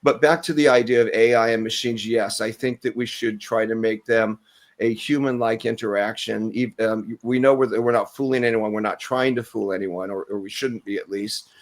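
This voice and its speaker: A man speaking as an expert on a panel discussion, measured and explanatory, pausing often on "um". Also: on the low side, steady tone. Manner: measured, explanatory, with frequent "um" pauses.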